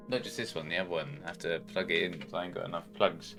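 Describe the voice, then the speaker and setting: A man's voice: deep voice, steady tone, quick pace, music in the background. A man livestreaming a game, chatting casually in a rambling, sweary way at a home desk mic. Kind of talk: casual chat while gaming.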